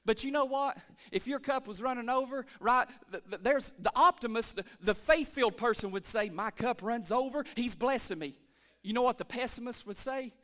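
A man preaching a lively church sermon as pastor, calling for amens and swinging between shouts and hushed asides. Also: extremely high pitch, brisk. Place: church sanctuary.

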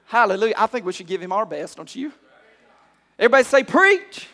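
A male pastor preaching a sermon, calling out to the congregation and climbing to shouts. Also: high voice, very animated, a little fast. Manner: call-and-response preaching, rising to shouts. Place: church hall. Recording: long hall reverb.

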